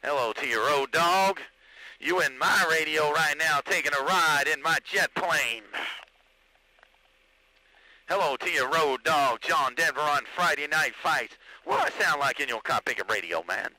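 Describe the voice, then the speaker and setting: A man's voice: fairly high pitch, expressive, a little slow, sharp tone, no echo. A man trash-talking and boasting in drawling, profane CB radio banter, heard over a crackly radio transmission. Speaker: CB radio operator.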